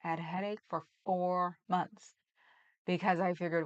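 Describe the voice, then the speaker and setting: A woman's voice: fairly low pitch, level tone, unhurried, clean tone, muffled recording. A woman hosting a livestream, chatting casually and rambling with frequent laughs. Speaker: livestream host. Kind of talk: casual chat reading comments.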